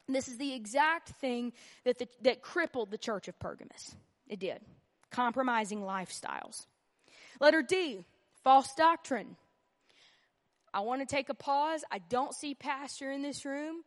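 A woman's voice: high voice, expressive, moderate pace, big-room sound. Earnest woman teaching a church lesson. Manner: earnest and emphatic, repeats key phrases; conversational with humorous asides. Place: church meeting room.

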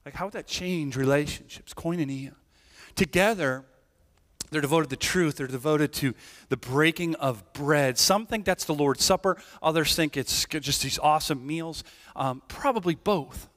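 A man preaching in a relaxed, chatty way, his fairly high voice carrying through a church hall with a long echo. He keeps checking in with the congregation and restarts his sentences as he goes. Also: normal speed. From Irish family background. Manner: conversational, tag questions, many restarts. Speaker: pastor. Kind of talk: sermon. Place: church sanctuary.

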